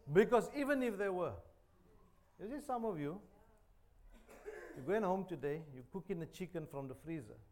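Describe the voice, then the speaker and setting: A man's voice: sits high, animated, moderate pace, long pauses, a little mellow. A man preaching a sermon, joking and chatty, repeating phrases. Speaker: pastor. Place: church.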